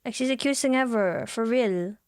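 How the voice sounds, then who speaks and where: A woman's voice: a little high, fairly quick, darkish tone, no room sound, studio quality. A young woman streaming casually, giggly and tender, who swears offhandedly. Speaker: VTuber streamer.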